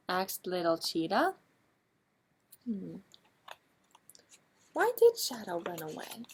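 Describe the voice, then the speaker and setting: A woman librarian reading a picture book aloud at children's story time, asking the young listeners animated, coaxing questions. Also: medium pitch, takes it slowly, pauses often, husky. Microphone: streamed live.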